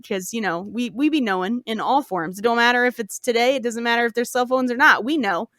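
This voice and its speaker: A woman's voice: on the high side, a little fast, hardly any pauses, a bit bright, no echo, clean studio sound. A woman podcast host casually retelling a folk tale, cursing and joking as she goes. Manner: profane, slangy and joking.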